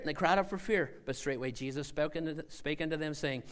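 A man preaching a sermon as a missionary, acting out scenes and voices and swinging from shouting to hushed tones. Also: fairly high pitch, quick pace, few pauses.

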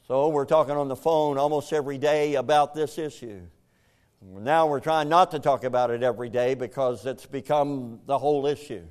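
An older male pastor delivering a sermon in a fervent, emotional voice. He surges into loud, pleading questions, then drops to a low, weary hush as he tells a family story. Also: normal speed. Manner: emotional storytelling, swinging from shouted questions to hushed, heavy delivery.

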